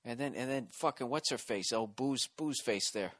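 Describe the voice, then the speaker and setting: A man's voice: medium pitch, normal speed, a bit bright, dry recording. A man hosting a podcast alone, delivering a rambling, profane and self-mocking comedic rant. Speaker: podcast host.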